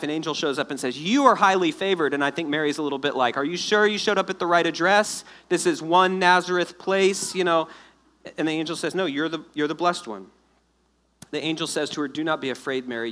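A man preaching a sermon to his congregation, explaining scripture in a lively, joking way and acting out the people in the story. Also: a little high. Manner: animated, jokey storytelling with acted-out asides. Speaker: pastor.

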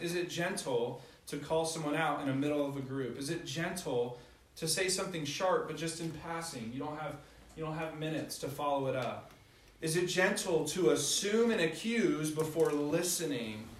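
A man's voice: fairly high pitch, distant mic, a little hiss or hum. A young adult man preaching a conversational sermon, telling stories with self-deprecating humor. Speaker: pastor. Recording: echoey hall, voice from afar.

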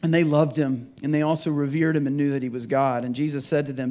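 A man with a notably high voice preaches a relaxed, off-the-cuff Easter sermon to a church congregation. He talks the way people chat, stumbling over words and starting his sentences again. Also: fast talker, hardly any pauses. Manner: casual and rambling, with frequent restarts and repeated words. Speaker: pastor. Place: church sanctuary.

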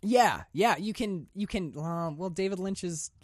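A man co-hosting a podcast, talking about movies in an excitable, rambling way, full of fillers and swearing. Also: high voice, measured pace, no echo, clean studio sound. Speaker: podcast co-host. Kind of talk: casual film discussion.

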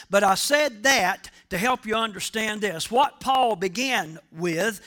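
A male pastor delivers a sermon in a very high, bright voice. He speaks slowly and emphatically and keeps asking his listeners questions. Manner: emphatic, asks the congregation questions.

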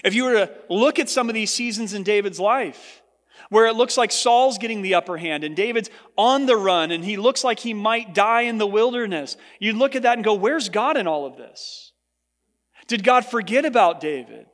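A man's voice: a little fast, fairly bright tone. A man preaching a sermon as pastor to his congregation, earnest, his voice lifting when he voices what others said. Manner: earnest preaching, rising in pitch for quoted speech. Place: large church hall. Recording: long hall reverb.

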